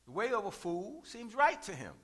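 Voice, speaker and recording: High, forceful call-and-response preacher man. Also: very animated, moderate pace. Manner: call-and-response, repeats phrases for emphasis; rises to shouts at key points. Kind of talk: sermon.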